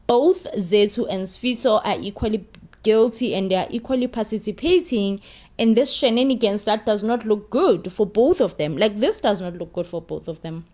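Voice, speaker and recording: A woman's voice: mid-range voice, moderate pace, mellow. A woman with a South African accent giving a casual spoken review of a soap opera, emphatic and repetitive, mixing in Zulu phrases. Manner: emphatic, repeats herself, mixes in Zulu phrases.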